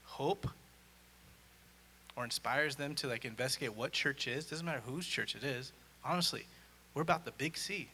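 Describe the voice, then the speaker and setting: A man giving a conference talk on stage, an energetic storyteller who acts out dialogue. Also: a little high. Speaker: conference speaker. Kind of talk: live presentation talk. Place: on stage in a large hall. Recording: echoey hall.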